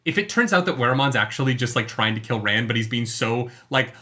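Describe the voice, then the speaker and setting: A man's voice: medium pitch, animated, brisk, sharp tone. A man co-hosting a live book club show, chatting casually and enthusiastically, swearing and joking. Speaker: book club podcast co-host. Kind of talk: casual livestream chat.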